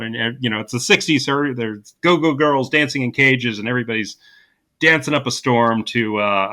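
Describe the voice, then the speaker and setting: Bright-voiced man recapping a movie. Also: medium pitch. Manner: dry sarcastic humor with frequent fillers and restarts. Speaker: podcast co-host. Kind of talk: casual podcast movie recap.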